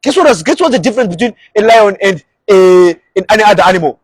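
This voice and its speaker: A man preaching an energetic sermon, animated, acting out short quoted voices along the way. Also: high-pitched, brisk, slightly rough, dry recording.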